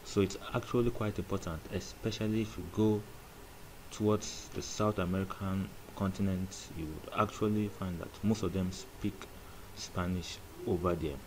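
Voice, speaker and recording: A man teaching a spoken language lesson, deliberately repeating example words slowly. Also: low voice, fairly even intonation, a little mellow, a little hiss or hum, low-quality recording.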